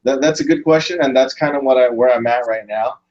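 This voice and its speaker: A man's voice: mid-range voice, fast, a little mellow, highs cut off. Man hosting a casual video call. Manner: thinks aloud with restarts. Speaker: host. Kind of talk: casual chat.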